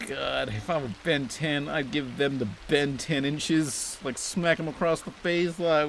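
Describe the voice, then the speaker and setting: Crude, sarcastic and swearing nonstop, a young let's play host comments on the video game he's playing. He speaks at a moderate pace in a voice on the high side, with slight background noise.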